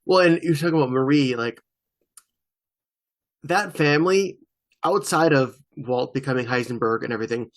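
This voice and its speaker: A man's voice: mid-range voice, normal speed, pauses often. A man co-hosting a podcast in casual, conversational chat. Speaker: podcast co-host.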